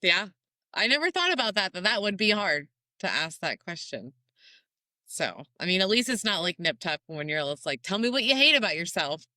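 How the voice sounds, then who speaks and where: Woman hosting a podcast, casual and chatty, asks simple questions, super bright voice. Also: fairly low pitch, big pitch swings, moderate pace, no echo, studio quality. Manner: chatty, reacting and asking plain questions. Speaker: podcast host.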